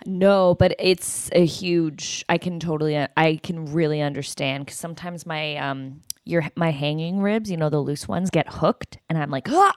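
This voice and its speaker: A woman's voice: deep voice, fairly even intonation, moderate pace, hardly any pauses, darkish tone, smooth, no room sound. A woman hosting a casual chat, blunt and teasing, who swears casually.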